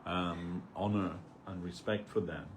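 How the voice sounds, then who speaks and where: At a temple gathering, a man with a low voice gives an informal spiritual talk, speaking a little slowly with fairly even intonation. He rambles conversationally and peppers his stories with "you know." A little hiss or hum can be heard in the recording.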